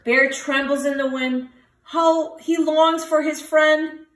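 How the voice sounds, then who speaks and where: A woman teacher reading a picture book aloud to children, with lively voices for the animals. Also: sits high, takes it slowly, distant mic. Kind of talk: storybook read-aloud for children. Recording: roomy, from the mic.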